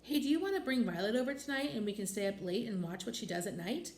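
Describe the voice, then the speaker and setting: A woman's voice: a little high, expressive, fast talker, a little mellow, reverberant. A woman voicing a smart, eager little schoolboy in a children's storybook, explaining things keenly. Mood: excited.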